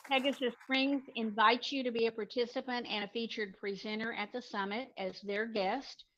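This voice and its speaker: A woman's voice: fairly high pitch, fairly even intonation, moderate pace, fairly bright tone, dull audio. A woman presenting an award, reading a formal, upbeat prepared announcement and then speaking a little more freely.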